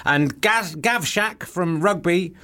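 A man's voice: high voice, slow pace, pushed and bright. A middle-aged man hosting a radio show, chatting casually on a studio mic with rambling, dry, teasing asides. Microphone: studio microphone.

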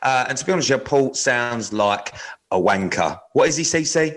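A man co-hosts a casual podcast. His voice sits at an ordinary mid pitch, and he talks bluntly and drops plenty of slang and swearing along the way. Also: expressive, moderate pace, a bit bright. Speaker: podcast co-host. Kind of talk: casual banter and reading out news stories.

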